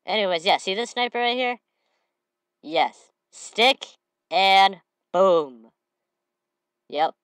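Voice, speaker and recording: A slightly sniffly woman giving excitable gameplay commentary, breaking into shouted trash talk. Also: medium pitch, slow pace, long pauses, smooth, dry recording. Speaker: gamer.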